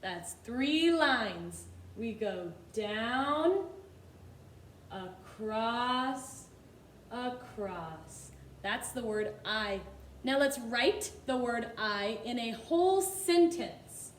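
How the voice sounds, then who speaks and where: Woman kindergarten teacher, slow, sing-song phonics lesson, echoey room with faint hiss. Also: a little high, animated. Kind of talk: recorded phonics lesson for young children.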